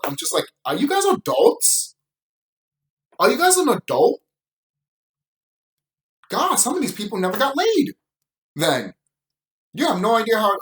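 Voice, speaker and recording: A man reviewing a show in a loose, unscripted rant. His pitch swings widely as he gets worked up, and he swears freely and laughs often. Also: poor audio. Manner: animated, profane ranting with frequent laughter. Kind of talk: casual opinion commentary.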